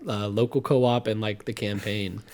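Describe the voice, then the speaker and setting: Calm, collected young man chatting. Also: fairly low pitch, normal speed. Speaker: podcast co-host. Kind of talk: casual chat.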